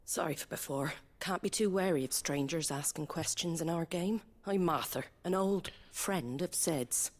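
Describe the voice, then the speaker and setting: An actress voicing a wary, blunt innkeeper woman in a game, husky and plain-spoken. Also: fairly low pitch, moderate pace, few pauses, natural voice. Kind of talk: game dialogue.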